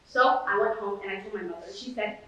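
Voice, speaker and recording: A woman's voice: mid-range voice, brisk, sharp tone, dull audio, close to an everyday voice. A teenage girl performing a bitter, washed-up male horse sitcom star in a sardonic, rambling eulogy monologue, recorded from far off in an echoey hall. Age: late teens. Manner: sardonic, rambling, self-pitying. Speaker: student competitor. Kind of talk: competitive dramatic monologue.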